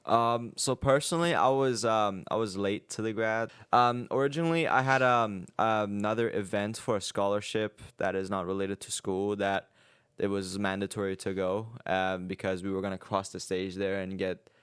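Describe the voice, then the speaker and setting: A young man co-hosting a podcast, talking in a relaxed, rambling way with many fillers. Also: fairly low pitch, moderate pace, clean tone, no echo. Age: young adult. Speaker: podcast co-host. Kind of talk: casual chat.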